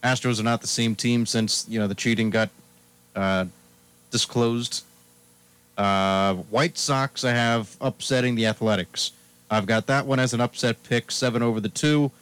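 A man's voice: medium pitch, fairly even intonation, unhurried, fairly bright tone, clean tone, dry recording. A man hosting a sports talk radio show, chatting casually and running through his picks one after another.

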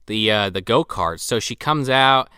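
A man hosting a podcast, retelling a movie in casual chat, profane and animated, with quick impressions. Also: fairly low pitch, clean tone, no echo, studio quality. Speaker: podcast host.

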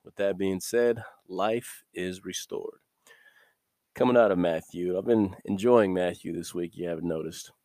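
A man giving a casual podcast sermon, reading scripture and explaining it in a relaxed, conversational way. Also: low-pitched, unhurried, no echo, studio quality. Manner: casual, conversational, laughs between points. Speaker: podcast preacher.

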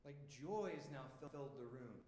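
Man preaching, slightly high voice, echoey hall with a long tail, faint background hiss. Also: normal speed. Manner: emphatic, conversational preaching with rhetorical questions; repeats words as he restarts. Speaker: pastor. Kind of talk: sermon. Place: church hall.

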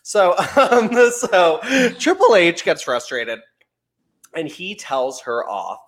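Animated young man gossiping about wrestling. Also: on the high side, takes it slowly. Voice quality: playful, laughs often, acts out quotes. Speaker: podcast co-host. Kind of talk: casual chat.

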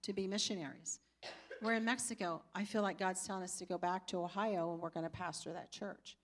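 A woman's voice: lowish voice, fairly even intonation, brisk. An older woman speaking in church, teaching through personal stories and acting out her own past reactions. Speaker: pastor's wife teaching.

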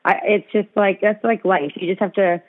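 This podcast co-host has a medium-pitched voice and a moderate pace, heard through a thin, tinny phone call. She tells stories in an animated, casual way and drops "like" into nearly every sentence.

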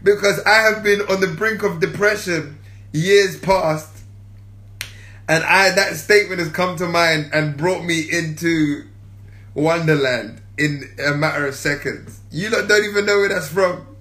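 A man hosting a casual livestream, playful, laughing often and stretching out shouted catchphrases. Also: a little high, a little slow, reverberant. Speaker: livestream host.

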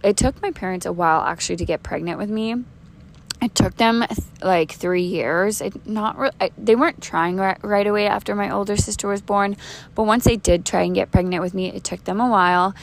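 A woman's voice: fairly low pitch, gravelly, a little hiss or hum. A woman in her thirties hosting a podcast, telling her own faith testimony in an earnest, conversational way, with frequent restarts and fillers. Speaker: podcast host.

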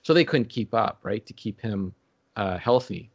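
A man in casual chat, rambling and halting with many restarts and fillers. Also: on the low side, expressive, creaky, dry recording.

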